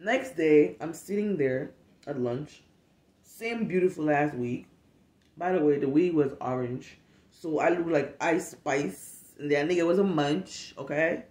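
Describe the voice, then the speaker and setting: Woman doing a storytime, swears a lot, blunt and animated, room echo. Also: low voice, measured pace. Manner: profane, blunt, animated, acts out quotes. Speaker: storytime vlogger who works with kids. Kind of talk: casual storytime monologue. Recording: roomy echo.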